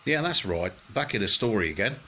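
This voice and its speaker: A man telling a rambling comic bedtime story, full of halting restarts. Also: fairly low pitch, lively intonation, bright, forceful tone, slight background noise.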